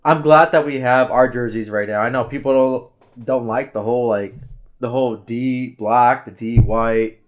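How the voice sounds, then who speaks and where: A man's voice: mid-range voice, steady tone, moderate pace. A man co-hosting a sports podcast in casual chat, rambling with many restarts and fillers and catching his own swearing. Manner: candid, self-correcting swears. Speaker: podcast co-host.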